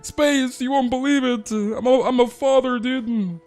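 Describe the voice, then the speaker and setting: A man voicing a young man who is crying and wailing in a high voice. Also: steady tone, a little slow, darkish tone, soft background music.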